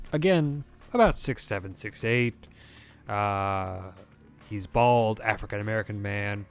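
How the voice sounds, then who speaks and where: Slow, low-voiced game master man. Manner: relaxed, rambling description with fillers. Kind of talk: narrating a tabletop game.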